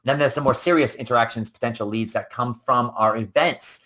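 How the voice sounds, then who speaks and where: A man hosting a live coaching show, teaching in a casual, animated way and acting out conversations with clients. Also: mid-range voice, a little fast. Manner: animated and conversational, acts out client dialogues, frequent "like" and "right?".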